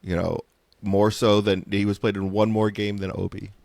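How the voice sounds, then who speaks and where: A man co-hosting a casual gaming podcast, talking in a laid-back, halting way with frequent restarts. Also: on the low side, flat delivery, creaky, a little mellow, no room sound. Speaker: podcast co-host. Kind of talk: casual chat.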